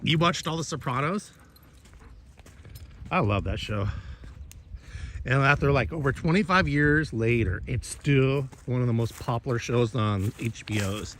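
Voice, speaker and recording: A man's voice: mid-range voice, expressive, unhurried, long pauses, fairly bright tone, a little hiss or hum. A man chatting casually while he cooks, rambling and cursing, with many restarts. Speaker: vlogger and host.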